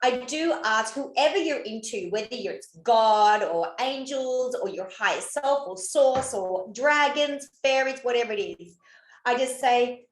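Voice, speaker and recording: Woman, podcast co-host, casual chat, swears and laughs a lot, higher voice, echoey room. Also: expressive, a little slow. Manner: swears freely, laughs often.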